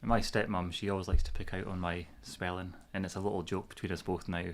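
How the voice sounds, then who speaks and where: A man's voice: low-pitched, level tone, fast talker, a little hiss or hum. A Scottish man chatting casually as a guest, easygoing with dry humor. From Scotland. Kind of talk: casual chat.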